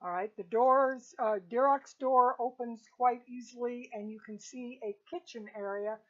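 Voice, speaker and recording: A woman with a high voice runs a tabletop game, patiently laying out each scene. The recording sounds dull and lo-fi. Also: fairly even intonation, moderate pace. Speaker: game master.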